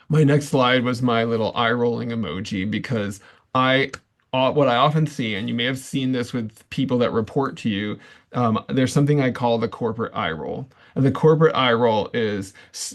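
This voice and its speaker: Man, management trainer, workshop talk, conversational anecdotes, acts out dialogue, mid-pitched voice. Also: gravelly. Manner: frequent fillers and restarts. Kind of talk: live online workshop talk.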